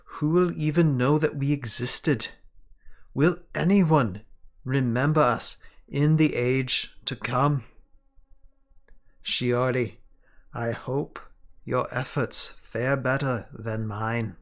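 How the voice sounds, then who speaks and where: A man's voice: medium pitch, steady tone. Man voicing a grave outcast elf scholar. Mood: solemn lament. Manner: slow, grave dramatic reading. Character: male elf scholar, outcast, mournful and solemn.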